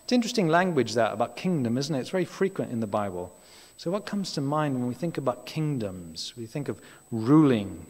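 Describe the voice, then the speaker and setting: Give me a man preaching in a relaxed, conversational way, with a long hall echo behind him. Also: medium pitch, a little fast. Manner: chatty, asides and questions to the congregation. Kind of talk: sermon. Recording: reverberant hall.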